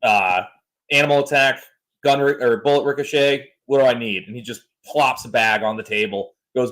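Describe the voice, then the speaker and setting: A man's voice: medium pitch, moderate pace. Joking man hosting a podcast. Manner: joking, animated storyteller. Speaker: podcast host. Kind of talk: casual podcast chat.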